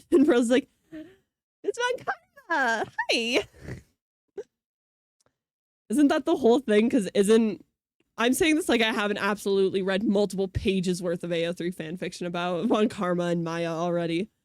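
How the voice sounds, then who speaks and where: A woman's voice: mid-range voice, steady tone, a little fast, darkish tone, no echo, studio quality. A young woman streaming a game playthrough, chatting casually and freely swearing as she reads the dialogue aloud. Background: faint game music.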